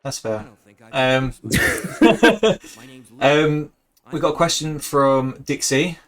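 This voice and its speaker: A man co-hosting a live game stream, reading viewer questions in a hesitant, easygoing way with many pauses. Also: fairly high pitch, fairly bright tone. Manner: hesitant, lots of ums, easygoing. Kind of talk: casual live-stream chat.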